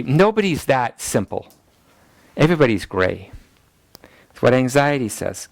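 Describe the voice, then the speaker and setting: A middle-aged man, a pastor, teaching a class in a relaxed, chatty way and laughing at his own family stories. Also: mid-range voice, a little slow, gravelly, pauses often, dry recording. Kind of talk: teaching lecture with family anecdotes.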